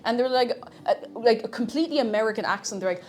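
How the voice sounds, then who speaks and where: A woman's voice: a little high, quick pace. A woman with an Irish accent chatting casually on a live stream while cooking, reading chat aloud and laughing often. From Ireland.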